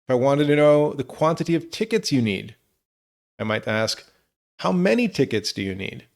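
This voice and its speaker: A man teaching English, reading example questions slowly and clearly for learners. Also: mid-range voice, expressive, a little mellow. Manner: slow, clear model phrases for learners. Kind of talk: scripted lesson narration.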